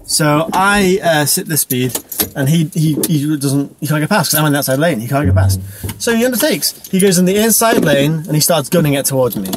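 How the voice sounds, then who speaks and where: A young man talks to camera while driving, loose and self-deprecating, with the odd casual swear. His voice sits a little high. Road and engine noise come through clearly in the car. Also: lively intonation, a little fast. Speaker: vlogger. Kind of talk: casual driving vlog monologue.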